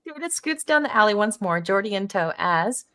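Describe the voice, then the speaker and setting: A woman's voice: medium pitch, animated, moderate pace, sharp tone. A woman hosting a live stream, reading stage directions in a playful, giggly way. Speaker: stream host and narrator. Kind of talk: live table read narration.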